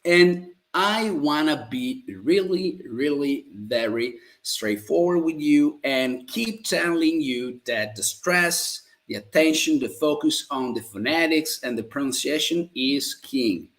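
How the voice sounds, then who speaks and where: A man from Italy with an Italian accent, teaching Italian in a live-streamed lesson, repeating phrases slowly and staying upbeat and positive. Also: a little high, animated, a bit bright. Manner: slow, drawn-out model phrases repeated for learners.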